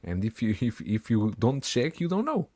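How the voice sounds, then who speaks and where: A man co-hosting a casual livestream chat, speaking haltingly with frequent restarts. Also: medium pitch, sing-song, warm tone, dry recording. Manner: halting, restarts often, asks questions. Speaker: co-host.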